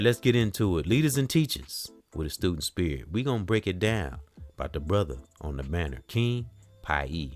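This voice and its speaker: A man hosting a casual talk, reading notes aloud haltingly, spelling out names letter by letter and stumbling over words. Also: sits low. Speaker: host.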